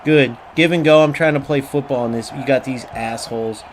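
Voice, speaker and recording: A man's voice: medium pitch, fairly quick, a little hiss or hum. A man streaming a football video game, frustrated and trash-talking his opponents with plenty of swearing. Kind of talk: live gameplay commentary.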